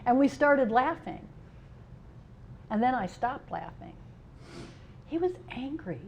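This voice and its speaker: A middle-aged woman speaks at a conference, with a fairly high voice. She is humorous and expressive, swinging between loud, playful asides and quieter serious points. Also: takes it slowly, vocal fry, highs cut off, slight background noise. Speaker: union president giving a keynote. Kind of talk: conference speech with personal stories. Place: conference hall.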